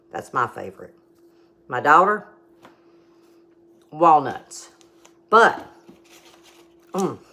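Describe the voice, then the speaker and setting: A middle-aged woman with a drawl talks through a home cooking demo and tasting in a chatty, homey way. Her voice sits low and unhurried, and she explains each step patiently. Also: bright, forceful tone.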